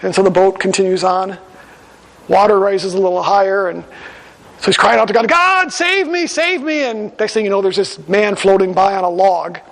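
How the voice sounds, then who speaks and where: A man's voice: sits high, little pitch movement, brisk, creaky, big-room sound, rough recording. A male pastor preaching a sermon in a conversational, storytelling manner in a church sanctuary.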